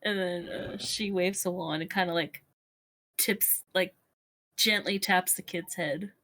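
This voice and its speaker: A woman taking part in a tabletop game as a player, describing her character's actions slowly and haltingly. Her voice is husky, and she fills her sentences with small pauses and fillers. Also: lowish voice, steady tone, bright, forceful tone.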